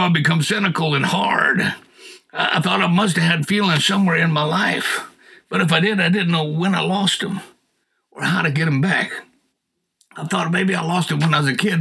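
A middle-aged man, appearing as a guest, shares his personal testimony in a folksy, earnest way. His voice is bright, forceful and husky, a little high for a man, and it builds to loud, impassioned appeals.

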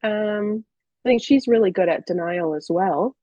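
A woman's voice: mid-range voice, unhurried, warm tone, dry recording, lo-fi sound. A woman in her thirties, speaking as a podcast guest and telling personal stories in a candid, chatty way with hesitant restarts. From Canada. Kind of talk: casual personal storytelling.

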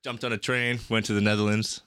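A young man chatting casually as a podcast guest, telling travel stories in an animated, profane way. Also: fairly low pitch, fairly quick, clear, resonant tone, dry recording, clean studio sound. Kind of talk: casual chat.

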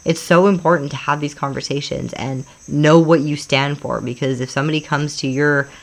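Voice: medium pitch, steady tone, a little fast. Emphatic, opinionated podcast co-host. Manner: emphatic, many "like" fillers, acts out quoted voices. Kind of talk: casual opinionated chat.

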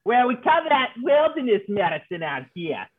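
A man's voice: sits high, big pitch swings, moderate pace, no room sound, voice pushed up, heavily acted. A man voicing a folksy male mountain hermit who makes hooch, with a drawling frontier way of talking. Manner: drawling frontier talk, rough grammar. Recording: tinny phone-like call line.

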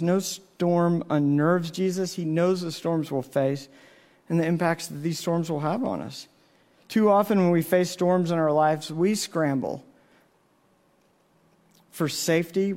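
Male pastor, sermon delivery, earnest storyteller, pitched a bit high. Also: a little mellow.

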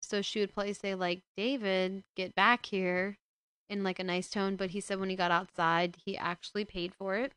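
A woman casually retelling a book and commenting on it, growing indignant and loud as she scolds a character. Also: medium pitch, little pitch movement, moderate pace, smooth, no echo. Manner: indignant, gets loud and heated when scolding the father. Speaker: book discussion host.

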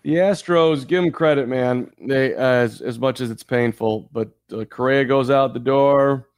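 A man's voice: mid-range voice, a little slow, clean tone. A man from Chicago co-hosting a podcast in casual sports chat, joking and rambling through asides. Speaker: podcast co-host.

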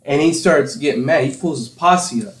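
A man's voice: fairly high pitch, normal speed. A young man from Campbell County, Tennessee, hosting a casual podcast, telling rambling anecdotes and laughing often. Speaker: podcast host. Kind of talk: casual chat, storytelling. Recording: echoey room.

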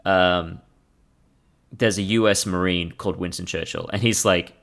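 Gravelly low-voiced man with deadpan humor. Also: unhurried. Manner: dry, deadpan jokes. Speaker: podcast co-host. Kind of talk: casual comedic chat.

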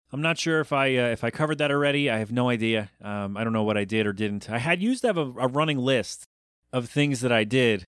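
A man hosting a solo podcast talks in a loose, rambling way. He catches and corrects himself mid-sentence and slips in dry, self-deprecating jokes. His voice sits at an ordinary pitch, and the sound is close and dry, with no room echo. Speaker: podcast host.

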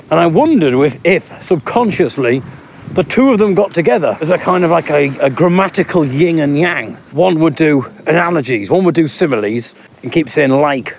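A man's voice: fairly high pitch, animated, normal speed. A man, a stand-up comedian recording a casual spoken blog while walking outside, rambling with dry, self-mocking humour. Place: outdoors on an urban street with traffic. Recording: street noise behind a mobile recording.

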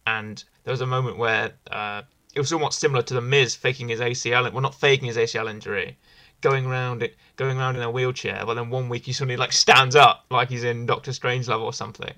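A man's voice: mid-range voice, fairly even intonation, fast talker, hardly any pauses, sharp tone. A man hosting a casual wrestling review podcast, rambling and enthusiastic, often repeating himself. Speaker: podcast host.

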